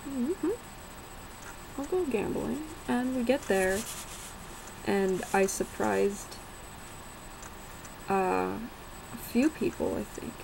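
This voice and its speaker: Young woman, casual vlog storytelling, unhurried and frank, faint background hiss. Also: mid-range voice, vocal fry, a little mellow, poor audio. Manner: unhurried, rambling, swears and laughs while telling.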